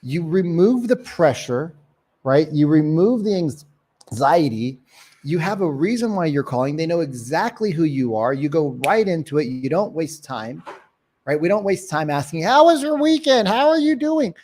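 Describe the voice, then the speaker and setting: A man coaching real estate agents in a live sales training session, energetic and acting out phone calls. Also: a little high, moderate pace. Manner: energetic, demonstrates calls in mock voices.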